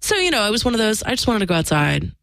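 A woman with a mid-range, creaky, fairly bright voice tells a personal story in rapid-fire, sing-song fashion, with no room sound. She is frank and emphatic, swearing freely and acting out the lines of the people involved.

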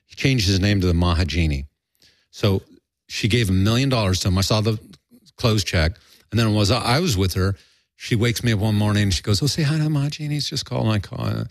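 A man's voice: on the low side, fairly quick, no room sound, clean studio sound. An older man telling a rambling, profane story in a candid interview, acting out quoted voices. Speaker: guest.

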